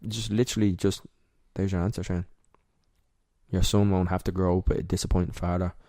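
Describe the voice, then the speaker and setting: Deep-voiced young Irish man, candid. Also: level tone, dark tone, no echo, clean studio sound. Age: young adult. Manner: candid, emotional, halting. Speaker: podcast guest. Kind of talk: personal storytelling in interview.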